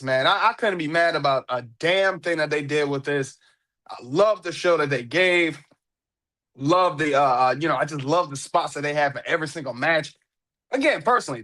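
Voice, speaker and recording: Excitable, joking man podcast host. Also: a little high. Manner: excitable, joking, often laughing, fake choked up. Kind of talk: casual solo commentary.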